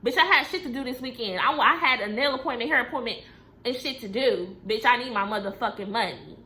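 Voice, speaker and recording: A young woman telling a casual storytime, profane, emphatic and animated. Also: on the high side, fairly quick, slight background noise.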